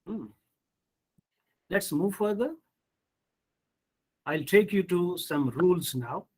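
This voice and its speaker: A man leads a pronunciation lesson in a high, light voice. He talks slowly and patiently. He drills each word in a deliberate, repetitive way. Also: expressive, a little mellow, husky, low-quality recording. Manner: slow, repetitive drilling with frequent "hmm" and "you see". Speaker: English pronunciation teacher. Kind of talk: online lecture on word stress.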